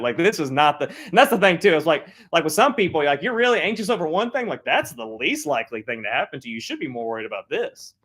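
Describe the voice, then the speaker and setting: A man's voice: on the high side, expressive, fast talker, few pauses, a bit bright. A man in his thirties, a pastor giving a sermon in a casual, slangy storytelling way. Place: church hall.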